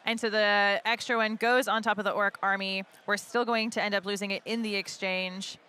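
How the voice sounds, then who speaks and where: A woman's voice: medium pitch, flat delivery, moderate pace, pushed and bright, smooth. A woman from California commentating a card game tournament, speaking fluently and analytically. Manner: fluent, analytical, laughs easily.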